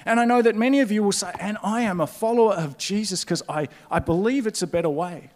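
High-voiced playful male preacher. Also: fast talker, a little mellow. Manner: playful, quizzing the audience. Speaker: pastor. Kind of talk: Easter sermon. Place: large auditorium.

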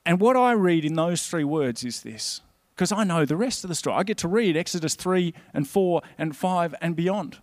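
A man's voice: a little high, lively intonation, normal speed, few pauses, no room sound. A man preaching a sermon in a conversational, earnest way. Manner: conversational, earnest, with quoted inner voices.

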